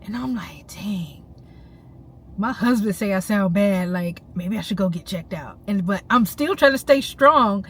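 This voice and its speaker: A young woman telling a story straight to her viewers in an animated, slangy way while she drives. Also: medium pitch, measured pace, recorded from a distance, rough recording. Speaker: vlogger. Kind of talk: casual storytelling to camera. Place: inside a car while driving. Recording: loud car road noise. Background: loud road and engine noise.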